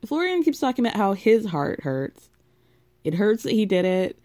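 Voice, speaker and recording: A woman's voice: medium pitch, big pitch swings, normal speed, dark tone. A woman with a contralto voice giving a sarcastic, gossipy recap of a reality TV show in a casual way.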